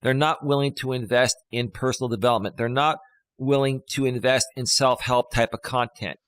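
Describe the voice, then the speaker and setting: A man's voice: medium pitch, steady tone, normal speed, fairly bright tone, clean tone, no echo. A man in his fifties, a life coach hosting a live stream, talking casually in a rambling, emphatic way. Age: 50s. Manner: rambling, emphatic, with many fillers and restarts.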